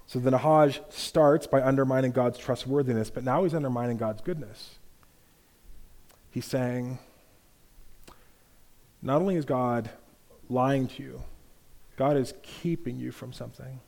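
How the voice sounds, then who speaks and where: A man preaching a sermon, explaining a text in a measured teaching way with rhetorical asides. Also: mid-range voice, gravelly, darkish tone.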